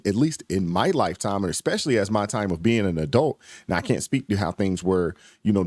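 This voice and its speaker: A man's voice: fairly low pitch, a little mellow, dry recording. A man hosting a reaction channel, giving casual, emphatic commentary with folksy slang.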